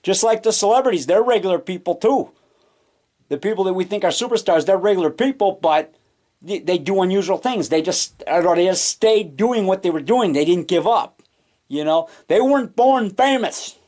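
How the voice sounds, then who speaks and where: Rambling excitable man, somewhat high voice. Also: normal speed. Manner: rambling, restarts and trails off, excitable. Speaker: low-budget monster moviemaker. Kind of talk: rambling casual vlog. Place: home basement. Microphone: camcorder mic.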